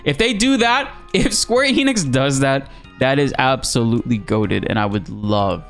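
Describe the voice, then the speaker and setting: A man giving casual, animated commentary on gaming news, excitable and slangy, swearing freely. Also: mid-range voice, unhurried, creaky, faint music behind.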